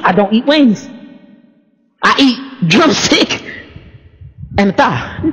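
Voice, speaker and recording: A woman giving an informal, animated sermon, laughing often and acting out the voices of people in her stories. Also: high-pitched, slightly rough, long reverb tail, highs cut off. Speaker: preacher teaching the Bible.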